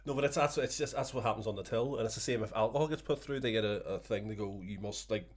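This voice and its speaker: Fast-talking low man. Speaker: podcast co-host. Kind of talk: casual chat.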